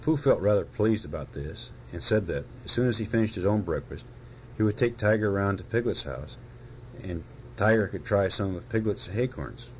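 A man reading a children's storybook aloud in a gentle, unhurried way. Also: lowish voice, expressive, a little hiss or hum, low-quality recording.

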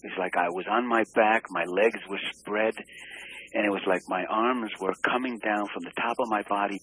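A man recounting a deeply personal experience in an interview, earnest and halting, searching for words with many restarts. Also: bright, forceful tone, slight background noise, poor audio. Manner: earnest and emotionally open.

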